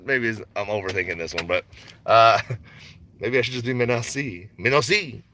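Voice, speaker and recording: A man's voice: lowish voice, normal speed, pushed and bright, a little hiss or hum. A man talking casually on a stock market livestream, rambling and slangy, with frequent laughs. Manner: rambling, laid-back, slangy, laughs often.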